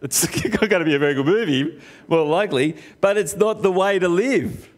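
A middle-aged man giving a sermon, his voice sitting a little above the usual male range. He talks the way people chat, asking the congregation direct questions. His pitch swings up and down, and he sometimes slows right down to stress a point. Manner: conversational preaching, asks the listeners questions directly; lively swings of pitch, sometimes slow and emphatic. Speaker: pastor.

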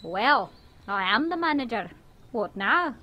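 A woman's voice: a little high, very animated, measured pace, sharp tone, heavily acted. A woman with a Scottish accent voicing a sassy resort manager in a video game, curt and haughty. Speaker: game character.

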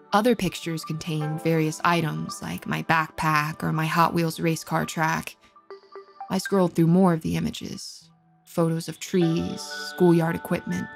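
Woman narrating a horror story in a measured voice. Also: fairly low pitch, creaky. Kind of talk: scripted first-person horror narration.

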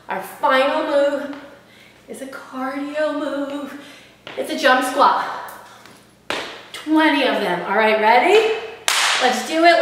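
Woman fitness coach, high voice, unhurried, recorded from afar in a reverberant hall. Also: fairly bright tone, slight background noise. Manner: counting reps and cheering on. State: out of breath. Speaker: fitness instructor. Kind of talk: workout instruction. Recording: echoey room, far from mic.

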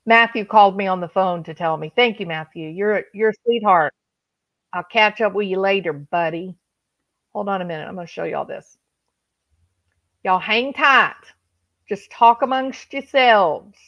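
Woman host, slow and chatty, dry, dull lo-fi sound. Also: mid-range voice, creaky, a bit bright, no echo. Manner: chatty, joking, talks to viewers. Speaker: livestream host. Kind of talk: casual chat.

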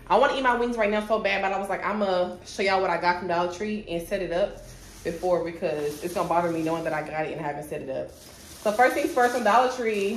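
A young woman, chatting casually to viewers about her shopping haul at home. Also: mid-range voice. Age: 20s. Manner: chatty, talks straight to viewers, sidetracked. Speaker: vlogger. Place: at home, indoors. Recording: echoey room with faint noise.

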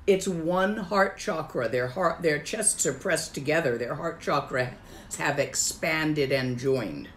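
A woman giving a Buddhist teaching, calm and emphatic, repeating her key phrases with deliberate weight. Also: sits low, slight background noise. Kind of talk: slow, deliberate dharma teaching.

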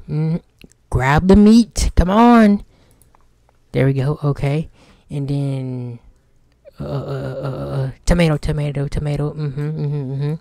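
A man's voice: mid-range voice, vocal fry, darkish tone, dry recording. A young man giving casual let's-play commentary, joking and talking back to the game's characters. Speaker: gaming streamer.

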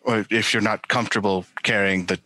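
A man playing in a tabletop game, easygoing and thinking out loud with the group. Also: lowish voice, fairly even intonation, brisk, no room sound. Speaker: player. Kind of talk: casual chat at a tabletop game.

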